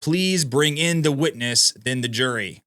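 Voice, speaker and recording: Guy reading as a stern judge, formal, bright voice. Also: mid-range voice, measured pace.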